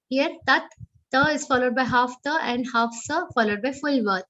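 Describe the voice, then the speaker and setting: A woman teaching Sanskrit verse recitation in an online class, chanting each line slowly and carefully before explaining the sounds. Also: a little high, fairly bright tone, lo-fi sound. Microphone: online call microphone.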